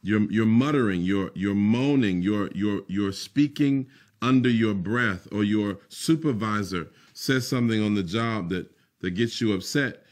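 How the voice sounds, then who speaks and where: A man preaching a sermon to his listeners. He stretches out key words with deliberate, emphatic weight and repeats his lines for effect, then slips into quick, quiet mutters. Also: lowish voice. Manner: preaching with slow emphatic phrasing and muttered asides. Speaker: pastor.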